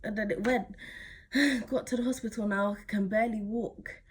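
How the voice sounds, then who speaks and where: A woman's voice: mid-range voice, steady tone, moderate pace, breathy edge. A teenage woman, telling a personal story casually to camera, rambling with lots of fillers and slang. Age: teens. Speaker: vlogger.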